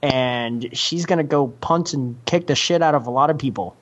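A man co-hosting a casual movie podcast, starting with repeated restarts and then talking in quick bursts. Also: medium pitch, fairly bright tone. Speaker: podcast co-host. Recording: slightly dull lo-fi audio.

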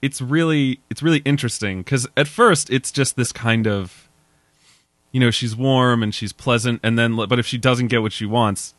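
A man hosting a casual film chat talks in a relaxed, thoughtful way, with a soft laugh now and then. His voice sits in a middle range and is recorded dry and close. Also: mid-range voice, no echo. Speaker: podcast host.

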